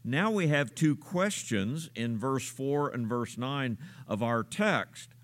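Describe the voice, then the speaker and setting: A man preaching a sermon, unhurried and searching, with frequent filler sounds and rhetorical questions. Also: medium pitch, lively intonation. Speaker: pastor.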